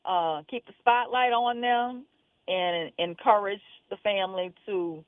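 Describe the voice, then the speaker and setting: Lady attorney on the phone, calm and earnest, tinny line, dry sound. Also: medium pitch, measured pace, dry recording. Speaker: attorney guest. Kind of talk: call-in radio talk.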